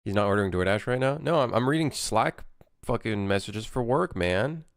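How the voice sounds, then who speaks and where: A man's voice: lowish voice, expressive, normal speed, vocal fry, no room sound, clean studio sound. A man streaming as a game developer, chatting casually, rambling and swearing freely. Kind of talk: casual live-stream chat.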